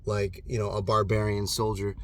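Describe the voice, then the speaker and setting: A man in his thirties giving an impassioned, profane motivational monologue alone in his room, swinging between loud bursts and hushed intensity. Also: fairly low pitch, little pitch movement, moderate pace. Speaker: motivational vlogger.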